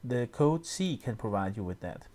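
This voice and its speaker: A man explaining music software step by step, often pausing with fillers and restarting his sentences. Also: mid-range voice, lively intonation. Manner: hesitant, many fillers and restarts. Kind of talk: screen-recorded tutorial.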